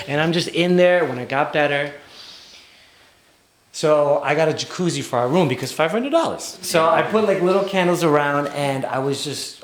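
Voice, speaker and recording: A young man telling a comic personal story live on stage, animated and often laughing as he talks. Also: mid-range voice, brisk, roomy sound. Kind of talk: live storytelling before an audience. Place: stage before a live audience.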